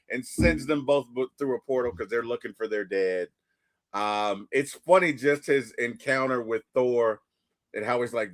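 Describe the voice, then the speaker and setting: A man chatting casually about a movie, retelling scenes and acting out characters in quick asides. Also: medium pitch, a bit bright, dry recording. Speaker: podcast co-host.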